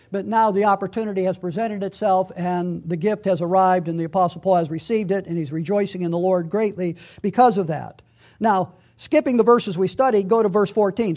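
A man preaching a conversational, verse-by-verse Bible teaching, reading scripture slowly and with emphasis. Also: sits high, a little mellow. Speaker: pastor.

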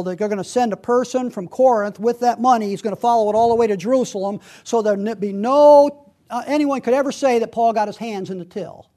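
A middle-aged male pastor with a high-pitched voice delivers a sermon. He reads scripture aloud and leans into his points, swinging between quiet asides and loud emphasis. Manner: preaching with rising emphasis, reading scripture aloud.

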